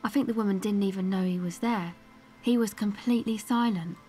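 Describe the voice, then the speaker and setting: A woman's voice: medium pitch, a little fast, natural voice. A woman voicing a blunt, uneasy game character over music. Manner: blunt, terse storytelling. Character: wary woman recounting an eerie encounter.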